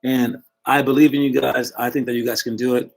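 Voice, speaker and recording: A male youth basketball coach talks to his young players in a relaxed, encouraging way, often stopping to correct himself mid-sentence. His pitch sits in a plain middle range for a man. He speaks from home into a computer microphone. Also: brisk, creaky. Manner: casual, encouraging, self-correcting. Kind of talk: motivational talk to young players.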